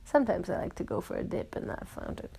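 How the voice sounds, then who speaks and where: A woman voicing a small, silly troll guarding a bridge in a bedtime story, bossy and slow with her questions. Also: lowish voice, wildly swooping pitch, creaky, mellow, husky, full character voice.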